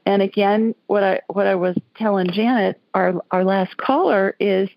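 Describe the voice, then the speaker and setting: A woman's voice: mid-range voice, moderate pace, creaky, dry recording, muffled recording. A woman from Alabama hosting a call-in radio show, talking in a chatty, folksy way. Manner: chatty, folksy, laughs easily. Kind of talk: casual call-in chat.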